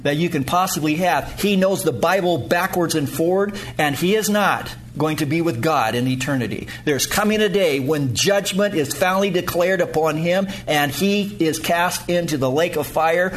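A man preaching a sermon as pastor to his congregation, emphatic, rising to loud peaks and dropping low. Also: a little hiss or hum.

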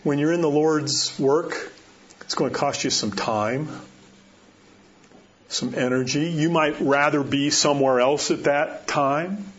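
A pastor with a fairly high-pitched voice preaches slowly and conversationally, frequently checking in with listeners through rhetorical questions. The recording sounds dull and lo-fi, with faint noise.

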